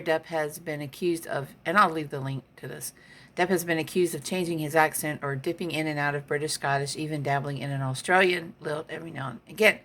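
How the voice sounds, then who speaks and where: A woman's voice: low voice, bright, forceful tone, a little hiss or hum. A woman vlogging from home in a chatty way, reading an article aloud and adding her own comments. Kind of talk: casual chat.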